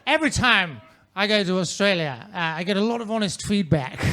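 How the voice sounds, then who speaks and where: A man's voice: high voice, animated, normal speed, bright, forceful tone. A man performing a stand-up comedy set on a comedy club stage, in a pompous manner with ornate wording.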